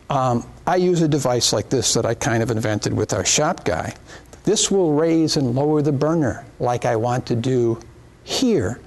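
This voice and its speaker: A middle-aged chemistry teacher jokes with his helpers while running a demonstration in a classroom or lecture hall. His voice is fairly high in pitch with a somewhat dark tone.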